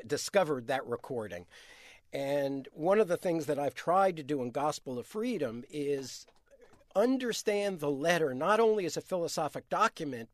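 A man's voice: fairly high pitch, no room sound, studio quality. A man, an author answering interview questions, telling history earnestly with frequent restarts.

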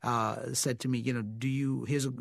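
Male actor as interview guest, mid-pitched, reflective storyteller, lots of restarts, dry close sound. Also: little pitch movement, normal speed, gravelly, dry recording. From United States. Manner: reflective, many fillers and restarts.

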